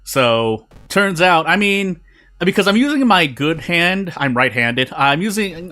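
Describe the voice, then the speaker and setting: In a casual gameplay stream, a man plays, eats and talks all at once, rambling, repeating himself and restarting sentences mid-thought, while game music plays faintly. His fairly high voice is expressive, pushed and bright, at a moderate pace.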